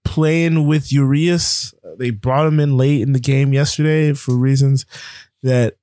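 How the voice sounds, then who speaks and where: A man's voice: mid-range voice, fairly even intonation, measured pace, mellow, dry recording, clean studio sound. A man co-hosting a casual sports talk show, running through rankings and scores with lots of fillers. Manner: rambling, filler-heavy rundown of rankings. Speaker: sports podcast co-host.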